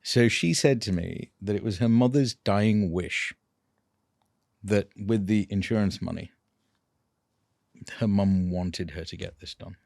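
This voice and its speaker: A man, a dental implant clinician telling a patient story in a casual, animated way, laughing often. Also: fairly low pitch, measured pace, gravelly, long pauses, no echo, clean studio sound.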